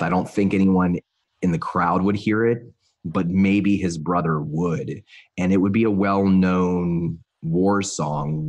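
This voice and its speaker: A man describes his character's every move in a tabletop role-playing game, detailed and a little halting. His voice is low and husky. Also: darkish tone. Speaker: player.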